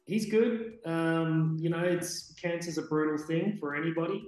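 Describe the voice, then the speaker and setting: An earnest male singer answers interview questions politely, his voice a little high. The line is very echoey, with music faintly underneath. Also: moderate pace, darkish tone. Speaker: guest singer.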